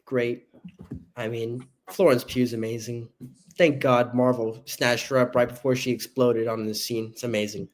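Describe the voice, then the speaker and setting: A man co-hosting a casual movie podcast, bantering playfully with boastful jokes and quick asides. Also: mid-range voice, fairly even intonation, a little hiss or hum. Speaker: podcast co-host.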